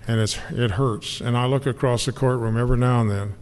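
A man's voice: medium pitch, fairly even intonation, a little fast, darkish tone. An older man giving an earnest, emotional personal testimony about his recovery to an audience. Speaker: speaker sharing recovery story. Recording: long hall reverb, faint noise.

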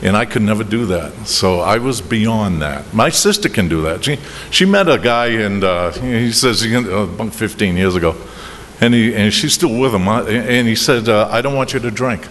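A man's voice: fairly low pitch, lively intonation, a bit bright. Boston-accented man, middle-aged, rambling testimony, echoing hall, faint hiss. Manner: rambling, halting, frequent restarts and chuckles. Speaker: speaker sharing his drinking story. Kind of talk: personal testimony at a recovery meeting. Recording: reverberant hall with faint noise.

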